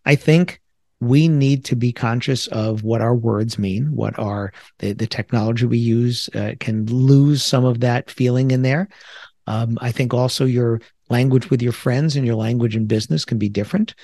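A man's voice: mid-range voice, steady tone, moderate pace, gravelly, darkish tone, no echo. A middle-aged man from the New York area hosting a solo podcast, talking things through in a reflective, conversational way with self-deprecating asides. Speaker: podcast host.

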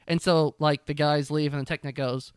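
A man's voice: fairly high pitch, normal speed, clear, resonant tone, no echo, studio quality. Young man animatedly retelling a story. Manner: animated storytelling, swears freely, acts out characters. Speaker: podcast co-host. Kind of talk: casual recap chat.

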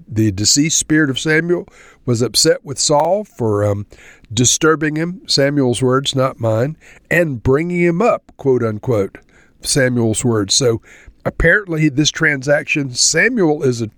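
An earnest male Bible teacher who talks his way through scripture in a conversational tone, stopping to explain each passage. His voice sits at an ordinary middle pitch. The recording is close and dry, with no room sound. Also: animated, unhurried, dry recording. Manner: conversational, earnest, reads verses aloud then explains; ends in spoken prayer. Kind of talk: verse-by-verse Bible commentary.

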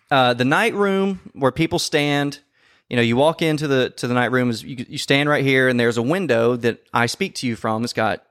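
A man telling a story in casual podcast chat, swearing often and acting out quoted lines loudly. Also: medium pitch, no room sound, clean studio sound. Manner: profane, animated, acts out quotes loudly. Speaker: podcast co-host.

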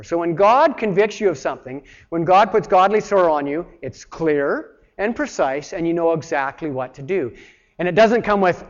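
A man's voice: fairly high pitch, expressive, moderate pace. Man, preacher, earnest sermon, acts out quotes, long reverb, dull sound. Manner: earnest, plain-spoken, addresses listeners directly; acts out voices when quoting.

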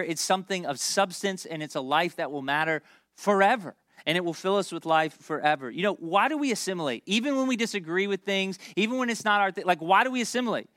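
A pastor from Memphis preaching a conversational sermon, joking and talking straight to the congregation. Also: male voice, a little high, fairly bright tone, no echo, studio quality. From Memphis, United States. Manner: conversational and joking, with asides to the crowd.

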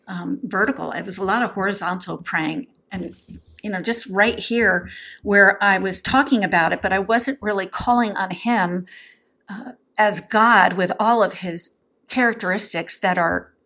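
A woman's voice: mid-range voice, fairly bright tone. A woman co-hosting a podcast, speaking openly and personally about her experiences, with fillers and restarts. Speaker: podcast co-host. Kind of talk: candid conversational podcast talk.

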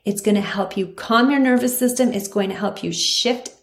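A woman's voice: medium pitch, moderate pace. A woman naturopathic doctor hosting a health podcast, talking earnestly and emphatically and repeating her key points. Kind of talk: scripted health talk. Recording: roomy echo.

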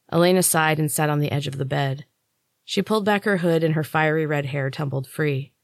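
A woman, the author and host, narrating her book in the first person with steady, measured storytelling. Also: deep voice, vocal fry, no echo, clean studio sound.

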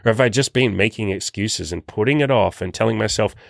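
Young male self-improvement coach, lowish voice, dry close sound, swears freely and pushes hard. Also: brisk, vocal fry, no echo. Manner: blunt and profane, pushy, urgent. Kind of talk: motivational monologue.

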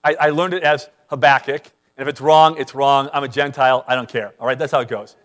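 A man preaching a sermon as pastor, emphatic, repeating words as he starts sentences and swinging between loud and quiet. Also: mid-range voice, fairly even intonation, quick pace.

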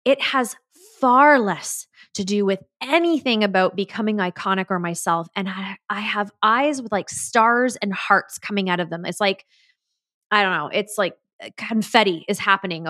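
A woman's voice: medium pitch, normal speed, fairly bright tone, no echo, studio quality. A woman hosting a solo podcast, talking in an enthusiastic, emphatic, motivational way. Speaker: podcast host and business coach.

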